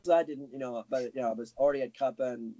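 A man's voice: medium pitch, fairly even intonation, racing, mellow, dry recording. A man being interviewed, chatting casually with lots of restarts. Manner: rambling, self-correcting, chuckling. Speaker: guest animator. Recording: dull lo-fi sound.

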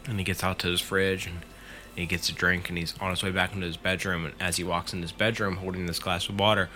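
A man's voice: deep voice, flat delivery, fast talker, pushed and bright. A man casually retelling a friend's scary story in the first person, swearing freely as he goes.

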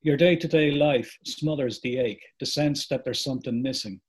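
A man reading aloud as a middle-aged father reflecting on lost memory, in a slow, reflective way. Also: mid-range voice, husky, close to an everyday voice. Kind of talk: reading a book passage aloud.

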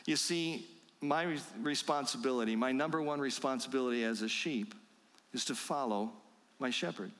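A man preaching a sermon, slow and emphatic, asking his listeners rhetorical questions. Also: medium pitch, a bit bright, long reverb tail. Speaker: pastor.

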